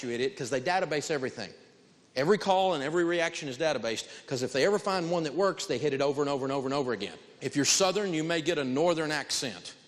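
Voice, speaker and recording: A man's voice: medium pitch, long reverb tail. A man teaching personal finance to an audience, blunt, emphatic and folksy. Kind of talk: lecturing an audience.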